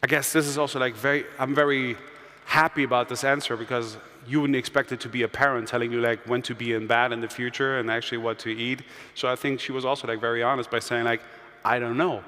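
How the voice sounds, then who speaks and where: A man's voice: mid-range voice, fairly even intonation, quick pace, bright, forceful tone. A man moderating on stage, chatty and full of "like" and restarts. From Germany. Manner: chatty, filler-heavy, with restarts and "like". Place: large trade-fair hall. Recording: hall reverb from the stage mic.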